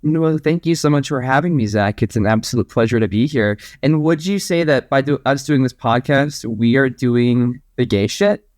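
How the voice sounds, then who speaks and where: A man's voice: mid-range voice, normal speed, a little mellow, dry recording, studio quality. A man in his twenties, a guest on a podcast, chatting in an upbeat, witty way. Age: 20s. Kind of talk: casual podcast chat.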